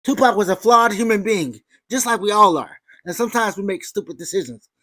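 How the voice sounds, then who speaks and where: Brief: woman commentary host, mid pitch, sarcastic and emphatic, dry close mic. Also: a little fast, a bit bright, no room sound. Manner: sarcastic, emphatic, with dramatic outbursts. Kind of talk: opinionated commentary over clips.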